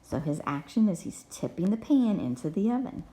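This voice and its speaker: Brief: woman teacher for a kids' reading lesson, mellow tone, spells words out letter by letter. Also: medium pitch, very animated, brisk. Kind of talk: reading lesson for young children.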